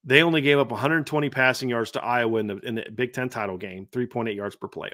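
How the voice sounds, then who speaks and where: A man's voice: mid-range voice, fast, hardly any pauses, bright, forceful tone. A middle-aged man hosting a sports podcast, animatedly reeling off statistics with frequent restarts. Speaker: podcast host. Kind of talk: sports analysis chat.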